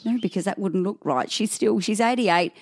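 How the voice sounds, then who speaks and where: Woman in her thirties, podcast co-host, lively storyteller who laughs a lot, dry close sound. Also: medium pitch, normal speed, no room sound. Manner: laughs often, animated storytelling. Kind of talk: casual chat.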